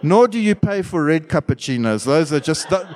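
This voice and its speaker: Man, middle-aged, pastor, sermon, lively pitch, a bit high, animated with loud bursts. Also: moderate pace. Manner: animated preaching with sudden loud bursts and quiet asides.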